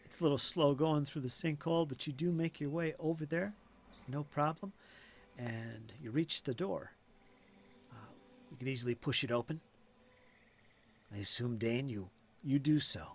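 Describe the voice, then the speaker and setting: A man narrating a tabletop game as game master, relaxed and conversational, with frequent fillers. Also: fairly high pitch, normal speed, long pauses, a little hiss or hum.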